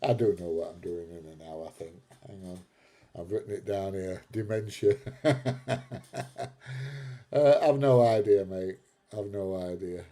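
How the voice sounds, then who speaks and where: A warm, deep voice belongs to a middle-aged British man hosting a live stream, moving at a measured pace and pausing often. He chats casually through viewer comments, laughing frequently and calling people mate, with a British English accent.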